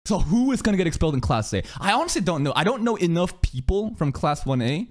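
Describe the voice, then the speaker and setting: A young man streaming an anime reaction, excitable and profane, cheering, shouting and laughing at the screen between calmer remarks. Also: a little high, quick pace. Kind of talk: live anime reaction commentary.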